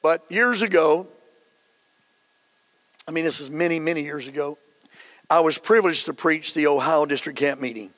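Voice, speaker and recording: Fervent preaching man, slightly high voice. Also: normal speed, pauses often. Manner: fervent, rising to shouts, acts out quotes. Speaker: pastor. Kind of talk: sermon.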